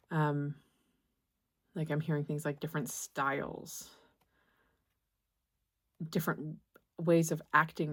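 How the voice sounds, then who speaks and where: A young woman giving a tarot reading to camera, gentle and reassuring, halting often and restarting her phrases. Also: sits low. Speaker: tarot reader.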